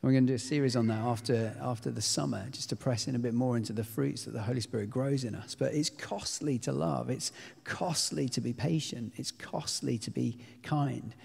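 A man, a pastor, talking through scripture in a measured, reflective way. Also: mid-range voice, creaky, darkish tone, slightly rough, in a large hall. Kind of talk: conversational Bible teaching.

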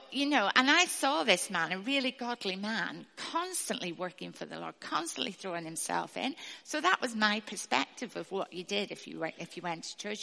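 A woman's voice: lowish voice, creaky, pushed and bright, long reverb tail. A woman in her fifties giving an informal, chatty sermon with a Bible reading, full of ums and asides. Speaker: speaker at church.

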